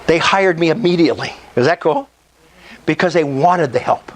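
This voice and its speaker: Excitable male presenter at a meetup, higher-pitched voice, salesy, eager for approval from the room. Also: moderate pace, poor audio.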